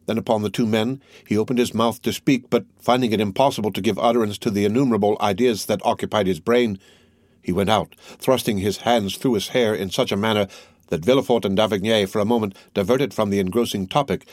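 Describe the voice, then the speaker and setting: A man narrating a classic novel in a steady, unhurried reading. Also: fairly low pitch, no room sound. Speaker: audiobook narrator.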